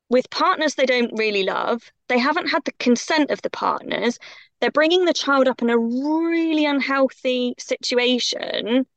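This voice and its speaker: A woman's voice: fairly high pitch, measured pace, no echo. A woman guest on a podcast, talking in an impassioned, emphatic way. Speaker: guest coach. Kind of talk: podcast conversation.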